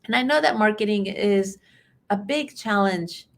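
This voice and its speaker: Woman host from Texas, mid-pitched, relaxed webinar chat with plenty of "uh"s and "um"s. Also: unhurried, creaky. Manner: friendly, chatty, frequent fillers and laughs. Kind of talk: live webinar, casual greeting.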